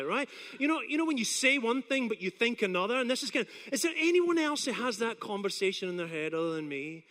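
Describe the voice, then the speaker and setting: A Scottish man in his forties, preaching a sermon as an animated, self-deprecating storyteller who acts out his own doubts. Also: extremely high pitch, fast talker, hardly any pauses, big-room sound. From Scotland. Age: 40s.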